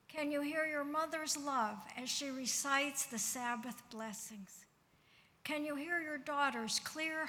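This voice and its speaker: A woman reading a prayer meditation at a service, in a hushed, slow voice that asks question after question. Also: high voice. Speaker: service reader. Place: synagogue sanctuary. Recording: long hall reverb.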